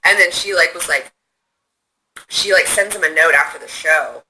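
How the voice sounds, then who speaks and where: A woman streams live from her phone, rambling to her viewers and answering their comments. Her voice is very bright and sharp, with a faint hiss behind it. She swears freely and gets excited as she talks. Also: sits low, normal speed, low-quality recording. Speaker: livestreamer. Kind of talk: casual chat reading viewer comments.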